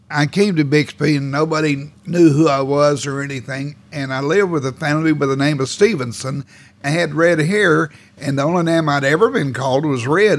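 A man's voice: fairly high pitch, gravelly. A man, telling his life story in a folksy, rambling, plainspoken way. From Oklahoma. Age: 80s. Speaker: oral history interviewee. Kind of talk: casual storytelling reminiscence.

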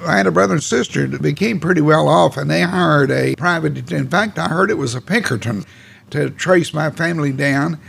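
An old man in his eighties, his voice gravelly and a little husky, and pitched fairly high for a man. He rambles through his life story in a folksy, plainspoken way, with the odd mild curse. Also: brisk, fairly bright tone. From Oklahoma. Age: 80s. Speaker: oral history interviewee. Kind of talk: casual storytelling reminiscence.

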